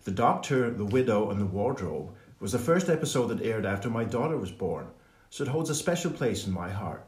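A man's voice: fairly low pitch, big pitch swings, fairly quick, a little mellow, reverberant. A man putting on an American accent to read out a listener's message on a podcast. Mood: earnest. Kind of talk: podcast reading.

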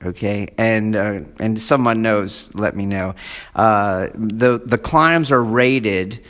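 Slow-talking man in a reverberant hall. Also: fairly low pitch. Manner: digressive, keeps checking in with "do you see?"; animated when acting out fan excitement. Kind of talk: rambling casual lecture. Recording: long reverb of a large hall.

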